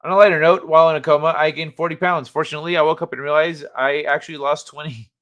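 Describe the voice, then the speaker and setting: A man's voice: a little high, steady tone, fast talker, a bit bright, lo-fi sound. A man hosting a casual livestream chat from the United States, rambling and laughing as he reads chat aloud. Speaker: livestream host.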